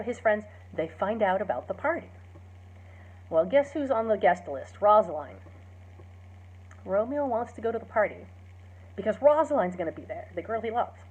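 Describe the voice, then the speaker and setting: A woman's voice: medium pitch, darkish tone, slightly rough. A woman, a teacher, casually retelling a play's story, chatty with many fillers and acting out the quoted lines. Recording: dull lo-fi recording.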